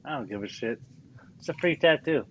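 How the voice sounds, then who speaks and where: A man's voice: mid-range voice, fairly quick, a little hiss or hum, poor audio. Laughing, foul-mouthed male storyteller. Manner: animated, laughing, swears freely. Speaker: podcast guest. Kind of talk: casual storytelling chat.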